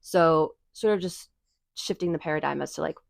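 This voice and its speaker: A woman's voice: low voice, normal speed, creaky, dry recording, clean studio sound. A woman podcast host giving advice in a chatty, casual monologue full of fillers and restarts.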